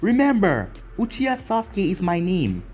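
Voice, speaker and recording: A man's voice: high-pitched, wildly swooping pitch, moderate pace, a little mellow, faint music behind, voice pushed up. A man voicing a brash, arrogant young male ninja who taunts and brags. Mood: cocky. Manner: boastful, taunting.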